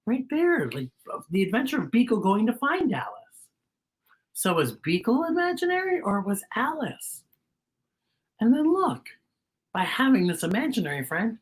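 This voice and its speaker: A woman's voice: mid-range voice, breathy edge. A woman hosting a children's storytime, reading a picture book aloud and asking her young listeners questions, sometimes dropping to a whisper.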